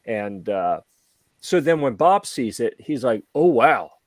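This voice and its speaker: Male podcast host, lively raconteur, dry close-mic sound, mid-pitched everyday voice. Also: slow, dry recording. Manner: animated storyteller acting out quoted voices. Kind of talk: casual chat.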